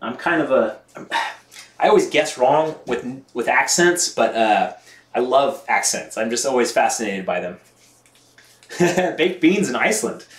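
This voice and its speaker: A chatty man from the United States with an everyday mid-range voice, laughing easily as he reads out viewer comments on a live stream. The sound is roomy, with a clear echo around him. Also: medium pitch, animated, unhurried. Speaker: mountain bike vlogger washing his bike on a live stream. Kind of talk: casual live-stream chat.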